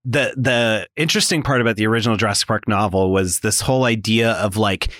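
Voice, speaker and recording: Casual male podcast host, lowish voice, dry close sound, rambling filler-heavy delivery. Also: fast talker, no echo. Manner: loose, filler-heavy, animated. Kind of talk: casual chat.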